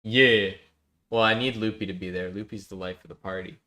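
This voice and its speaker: This man streams a building game live, chatting with viewers, reading their messages out loud and joking around. His voice is on the low side and bright, with fairly even intonation, a brisk pace and a forceful tone.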